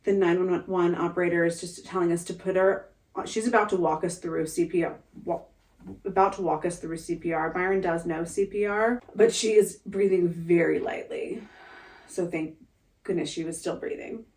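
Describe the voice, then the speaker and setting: A woman's voice: lowish voice, fairly even intonation, moderate pace, a little mellow, recorded from a distance. A young woman telling an emotional family story in a vlog, talking casually with many fillers and restarts.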